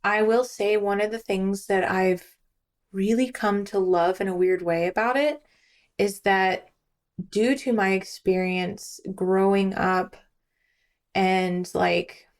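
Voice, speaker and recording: Young woman on a podcast, chatty and animated, acting out what she said back then. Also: mid-range voice, slow pace. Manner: animated storytelling, acting out her own past lines. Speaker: podcast guest. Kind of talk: casual chat.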